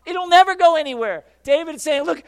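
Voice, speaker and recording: A man preaching a sermon, fervent, swinging from quiet musings to shouted praise and acting out quoted voices. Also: high voice, moderate pace, no room sound.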